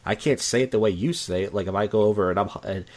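A man's voice: lowish voice, quick pace, darkish tone. A man talking candidly in casual conversation, rambling and repeating himself, blunt and profane.

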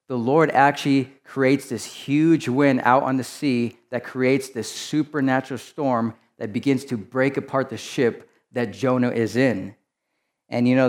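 Man preaching a conversational sermon. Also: mid-range voice. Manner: conversational preaching, rhetorical asides. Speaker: pastor.

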